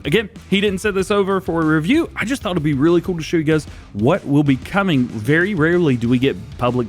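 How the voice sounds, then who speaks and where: Animated, chatty gaming host man. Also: a little high. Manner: animated, chatty, laughs often. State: losing his voice. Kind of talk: gameplay commentary.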